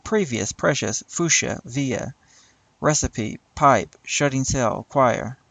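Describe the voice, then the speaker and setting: A man reading a poem aloud slowly and deliberately, now and then stumbling and laughing at tricky words. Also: mid-range voice, lively intonation, vocal fry, fairly bright tone, dry recording, poor audio. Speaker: reader.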